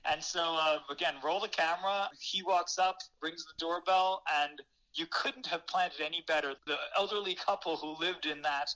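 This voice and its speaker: A former reporter tells a long anecdote as an interview guest, animated and quick to laugh. His voice sits a bit high and sounds bright and forceful, with plenty of fillers. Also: poor audio. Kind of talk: casual storytelling.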